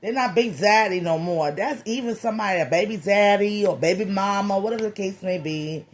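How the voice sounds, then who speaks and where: A tarot reader delivers a comedic, slangy reading full of crude jokes and repeated phrases, keeping it loose and playful. The voice is mid-range and brisk, with a faint hiss or hum.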